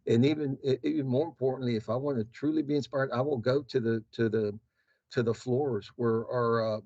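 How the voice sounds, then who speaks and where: A man talks earnestly in an interview, stumbling and restarting as he goes. His voice sits at an ordinary pitch. The sound is dry and a little dull, like a remote call. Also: darkish tone, no echo. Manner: earnest, halting, repeats words. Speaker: guest, health system CEO. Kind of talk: conversational interview.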